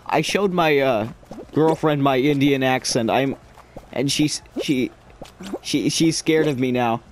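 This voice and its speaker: A man's voice: mid-range voice, unhurried, a little hiss or hum. A young man rambling and joking through casual gameplay commentary as a gaming video creator.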